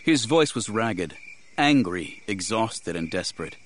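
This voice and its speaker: A man giving expressive third-person audiobook narration. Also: on the low side, unhurried, slight background noise.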